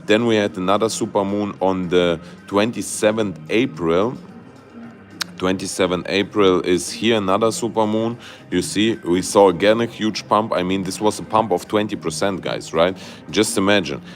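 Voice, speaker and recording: Low-voiced man streaming live chart commentary. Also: moderate pace, faint music behind. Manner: excitable, loose grammar, many fillers and "guys". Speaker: crypto livestream host.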